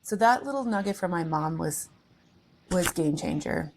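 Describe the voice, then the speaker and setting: A woman's voice: on the low side, expressive, normal speed, a little mellow, a little hiss or hum. A woman co-hosting a podcast, sharing her motherhood experiences in a casual, earnest chat. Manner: reflective, earnest storytelling. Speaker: podcast co-host.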